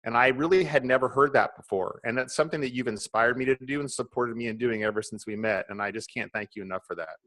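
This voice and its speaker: Casting note: mid-pitched male co-host, lively and teasing. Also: fast, hardly any pauses. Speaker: podcast co-host. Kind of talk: casual storytelling chat.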